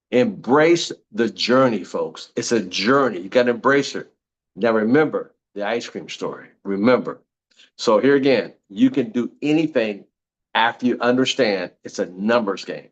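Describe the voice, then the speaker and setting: A man's voice: mid-range voice, animated, moderate pace, dull audio. An older man giving a motivational talk on network marketing, repeating slogans in an emphatic, preachy way.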